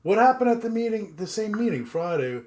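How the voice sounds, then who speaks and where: Halting Long Island man, blunt. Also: high voice, sing-song, background noise. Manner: halting, restarts sentences, blunt and swears. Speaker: podcast co-host. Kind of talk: casual chat.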